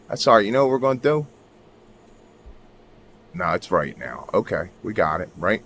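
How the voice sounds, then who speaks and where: Lively man tagging "right?" onto everything. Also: low voice, moderate pace, pauses often, slight background noise. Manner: keeps checking in with "right?", emphatic, swears. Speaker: video creator. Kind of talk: casual screen-share commentary.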